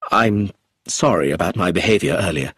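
A man voicing an emotional middle-aged man in an audiobook, excitable and quick to get worked up. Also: low-pitched, breathy edge, no room sound, clean studio sound, heavily acted. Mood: apologetic. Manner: agitated, excitable.

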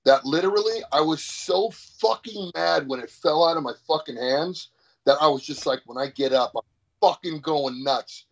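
A man with a gravelly, husky voice tells a story in a casual interview, animated and full of swearing. The sound is dull and lo-fi. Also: on the high side, moderate pace. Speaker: powerlifter guest.

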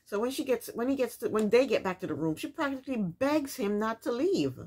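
A woman's voice: on the high side, animated, brisk, darkish tone, breathy edge. A woman casually recapping a reality TV episode, with incredulous, opinionated commentary and rhetorical questions.

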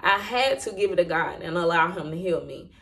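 Woman, lowish voice, personal testimony, candid, halting, lots of fillers. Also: lively intonation, gravelly, fairly bright tone. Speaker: Christian vlogger sharing a testimony.

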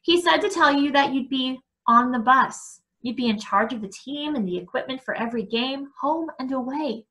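A matter-of-fact middle-aged father, read by a woman lays things out briskly. The voice stays bright and fairly high. The character comes from a storybook reading. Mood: explaining. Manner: brisk, explaining.

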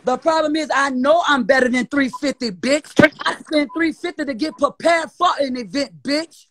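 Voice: high-pitched, moderate pace, fairly bright tone, dry recording. A guest with a New Orleans accent ranting on a live stream, profane, defiant and mocking, repeating insults. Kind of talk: heated live-stream rant.

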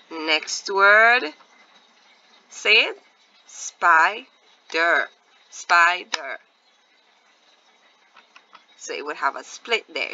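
A woman teacher giving a patient phonics lesson to young children, repeating words slowly and asking encouraging questions. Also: lowish voice, bright, forceful tone, highs cut off, slight background noise. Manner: drawn-out, deliberate word repetition with encouraging questions.

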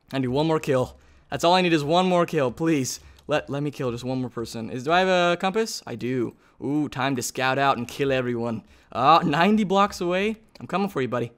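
A young man giving casual, excitable commentary over his own gameplay as a gaming channel host, chatting to his opponents. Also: fairly high pitch, normal speed. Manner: excitable, talks to opponents, bursts into shouts.

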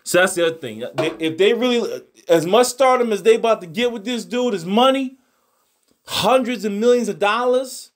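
A young man with a high voice hosts his boxing channel in loose reaction commentary. He swears freely, stumbles and repeats himself, and swings between exasperation and laughter. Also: animated, normal speed. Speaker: host of a boxing news channel.

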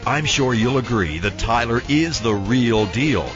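A man's voice: mid-range voice, expressive, a little slow. A man reading a scripted promotional voice-over in an upbeat, persuasive way. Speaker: promo announcer. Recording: dull lo-fi with music bed.

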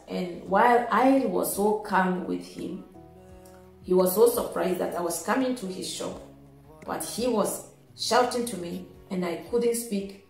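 Calm woman telling a story, echoey room. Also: medium pitch, creaky. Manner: calm, halting, many restarts. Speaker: vlogger telling a personal story. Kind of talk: casual storytelling. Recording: echoey room with faint music.

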